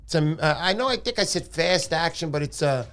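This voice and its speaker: A middle-aged man hosting a casual livestream, playful and jokey with loud bursts of excitement. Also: on the high side, brisk. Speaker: livestream host.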